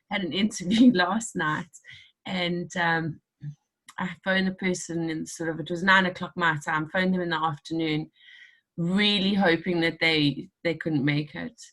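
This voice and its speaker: A woman's voice: on the low side, fairly bright tone. A middle-aged woman hosting a podcast, chatting casually, laughing often and acting out bits of conversation. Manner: chatty, laughs often, acts out quoted dialogue. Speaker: podcast host. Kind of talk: casual chat.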